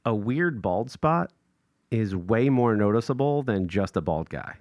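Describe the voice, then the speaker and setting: A man's voice: on the low side, a little slow, no room sound, clean studio sound. A man co-hosting a podcast, telling a casual story with lots of laughter and acted-out quotes. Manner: animated, laughs often, acts out quotes in raised voices. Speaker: podcast co-host.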